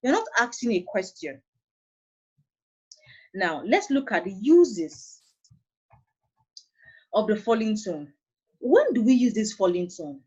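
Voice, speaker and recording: A woman with a Nigerian accent teaching an English lesson, speaking deliberately and repeating key phrases. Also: mid-range voice, big pitch swings, darkish tone, slightly rough. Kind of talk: classroom lesson on intonation. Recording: dull lo-fi recording.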